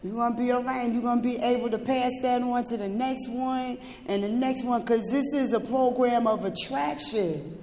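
A person sharing a personal recovery testimony at an indoor meeting, talking with passion and swinging between quiet and shouting. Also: medium pitch, fairly even intonation, normal speed. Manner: impassioned, swings from soft to shouting. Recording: roomy echo with long hall reverb.

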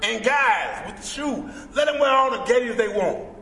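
A man's voice: extremely high pitch, expressive, normal speed, slight background noise. Man, emphatic preacherly speaker, echoey hall, distant mic. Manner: preacherly, emphatic, with bursts of shouting. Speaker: guest speaker at a recovery convention. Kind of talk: impassioned speaker share. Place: large indoor convention hall.

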